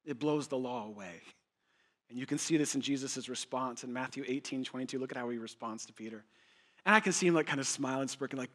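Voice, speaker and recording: Emphatic bright-voiced male pastor. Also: medium pitch, expressive, fast. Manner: emphatic, repeats phrases for effect; conversational, jokes with listeners. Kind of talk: sermon.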